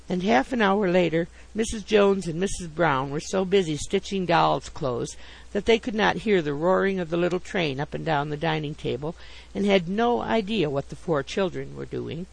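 Man, narrator, wry storytelling, high-pitched, gravelly. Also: moderate pace, poor audio. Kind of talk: storybook reading.

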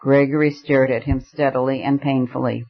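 A man narrating a classic novel with measured, expressive storytelling. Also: mid-range voice, soft background music. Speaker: audiobook narrator. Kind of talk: scripted narration. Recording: slightly muffled lo-fi audio.

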